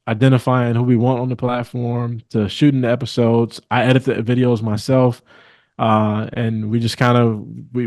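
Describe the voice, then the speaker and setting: Earnest young male guest, measured delivery with restarts, dry close sound. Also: mid-range voice, a little mellow, no echo. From Milwaukee, Wisconsin. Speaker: guest, real estate attorney. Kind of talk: interview conversation.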